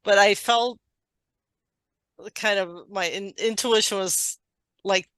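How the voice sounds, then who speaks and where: A woman's voice: mid-range voice, takes it slowly, fairly bright tone, clean tone, dry recording. A woman channeler chatting casually after a session, full of laughter and "like" fillers. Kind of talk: casual chat.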